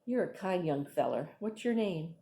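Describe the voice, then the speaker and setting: Brief: a gentle, weary old man, slow and courteous, low mellow voice, read by a woman. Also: sing-song.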